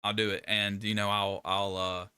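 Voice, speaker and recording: An older man hosting a casual live stream, rambling and emphatic as he restarts his sentences. His voice is very bright and forceful, smooth and crisp, and the sound is dry and close. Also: fairly low pitch, level tone, normal speed, no room sound.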